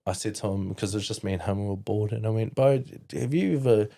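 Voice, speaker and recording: A young man with a New Zealand accent, a podcast guest telling a personal story in a halting way, full of restarts and "like". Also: lowish voice, creaky, dark tone. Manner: halting, frequent "like" and restarts, quoting others. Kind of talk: candid storytelling interview.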